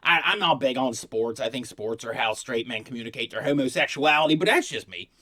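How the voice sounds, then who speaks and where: A middle-aged man from Pittsburgh riffs through a comic monologue. He speaks without a regional accent. His delivery is crude and rambling, and he is quick to poke fun at himself. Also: mid-range voice, pushed and bright. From Pittsburgh, USA. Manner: crude, rambling, self-mocking. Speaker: comedian vlogger. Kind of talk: comedic monologue.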